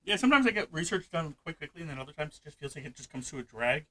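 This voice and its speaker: A man hosting a casual let's-play, talking fast and loud in a hyper rush. His voice sits a little higher than most men's. He chats with fellow players about his game. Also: sing-song, low-quality recording. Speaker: gaming channel host. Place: hot room at home.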